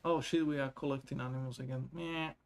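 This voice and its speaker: A man's voice: mid-range voice, steady tone, brisk, creaky. A man, streaming a game and chatting casually with viewers, joking and swearing a lot. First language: not English. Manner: chatty, profane, joking, reads chat aloud. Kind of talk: casual gaming stream chat.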